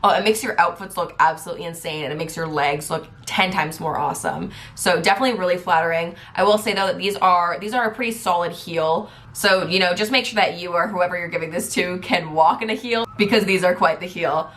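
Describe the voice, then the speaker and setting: A young woman presenting a casual gift guide vlog, talking fast in a giddy, excitable way. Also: on the low side. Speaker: beauty vlogger.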